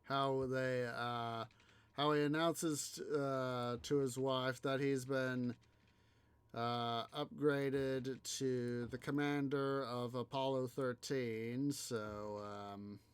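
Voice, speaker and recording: A man's voice: mid-range voice, steady tone, extremely slow, clean tone, no room sound. A man hosting a city-building game video, musing aloud in rambling casual commentary full of fillers. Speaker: let's play host.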